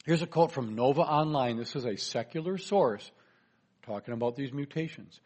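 A man's voice: mid-range voice, lively intonation, normal speed, a little mellow. A man giving a chatty presentation lecture, joking with his audience. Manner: chatty, folksy, jokes to the audience.

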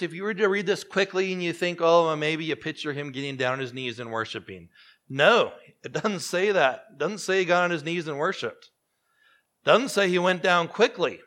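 A man preaching a sermon in an animated, conversational way, with sudden hushed drops. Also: a little high.

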